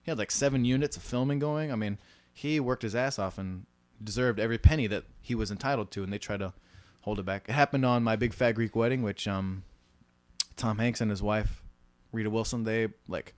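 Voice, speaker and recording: A man's voice: fairly low pitch, a little fast, no room sound. A man casually telling film-business stories, slipping into mimicked voices for the people he quotes. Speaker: podcast co-host.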